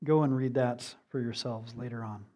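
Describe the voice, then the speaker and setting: A man preaching a sermon in an earnest manner, asking rhetorical questions and moving between emphatic and hushed delivery. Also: mid-range voice, steady tone, moderate pace. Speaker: pastor.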